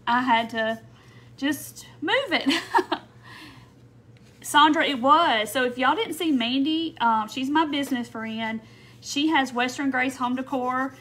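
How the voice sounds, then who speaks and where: A woman's voice: high voice, bright, forceful tone. A middle-aged woman hosting a casual craft live stream, chatting and greeting viewers by name while she works.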